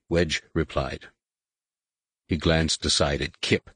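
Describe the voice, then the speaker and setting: A man narrating an audiobook in an even, steady reading. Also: sits low, moderate pace, slightly rough, dry recording. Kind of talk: scripted narration.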